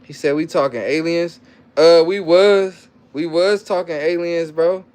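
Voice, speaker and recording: At a measured pace, a man with a slightly high, darkish, smooth voice hosts a casual livestream. He reads viewer comments aloud, loops back on himself in loose slang, and takes a coaxing, playful tone with his child.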